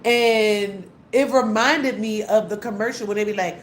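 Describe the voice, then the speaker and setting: A woman's voice: mid-range voice, fairly even intonation, unhurried, hardly any pauses. Ranting woman, echoey room. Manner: heated, blunt, repetitive, swearing often. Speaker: vlogger. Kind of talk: angry profane rant. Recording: echoey room with faint hum.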